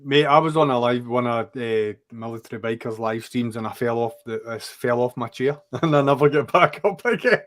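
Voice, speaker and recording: A man's voice: medium pitch, a little fast, hardly any pauses. A man chatting over a video call, telling stories and chuckling often. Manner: chuckling, relaxed storyteller. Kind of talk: casual chat.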